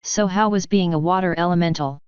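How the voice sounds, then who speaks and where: A woman's voice: on the low side, brisk, a little mellow, clear, resonant tone, no room sound, muffled recording, natural voice. A woman voicing a smug, teasing female water elemental.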